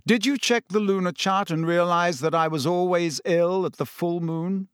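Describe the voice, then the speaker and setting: Man voicing a calm, weary male teacher. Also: sits high, clear, resonant tone, no echo, studio quality, voice pushed up, close to an everyday voice. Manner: calm, measured, gently patient.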